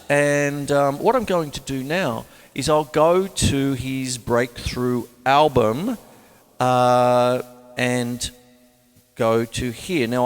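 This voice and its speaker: A man's voice: mid-range voice, a bit bright. A man with an Australian accent, a drummer hosting his own music show. He chats in a rambling way, reads a biography aloud, and imitates guitar twangs with his voice. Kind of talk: casual chat about music, reading a biography aloud. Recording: room with long reverb tail.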